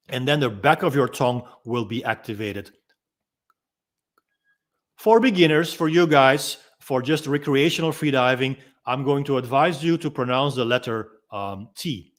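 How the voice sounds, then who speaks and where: A freediving instructor calmly explaining and demonstrating techniques in a gentle, unhurried way, pausing often with ums. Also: male voice, medium pitch. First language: Dutch. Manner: calm, gentle explaining with frequent ums and pauses.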